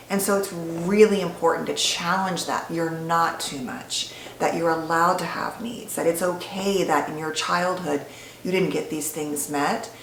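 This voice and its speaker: Woman psychologist chatting thru a lesson to the viewer, kinda low voice, echoey room w faint hum behind. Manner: conversational, explanatory, addresses viewer directly. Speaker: licensed psychologist. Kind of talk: educational talk to camera.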